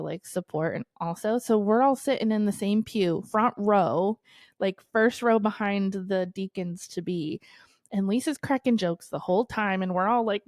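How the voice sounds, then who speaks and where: A woman in her thirties tells a story in relaxed podcast chat, animated and quick to laugh, with plenty of casual swearing. Her pitch sits in the middle of the usual range. The mic is close and dry. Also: no room sound. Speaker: podcast co-host.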